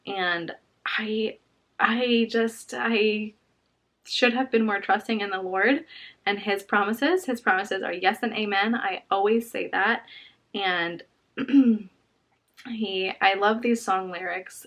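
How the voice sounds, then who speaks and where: A young woman telling a personal story to her vlog audience at home. She speaks softly and earnestly, halting and restarting as she searches for words. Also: medium pitch. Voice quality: soft, earnest and heartfelt. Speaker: vlogger.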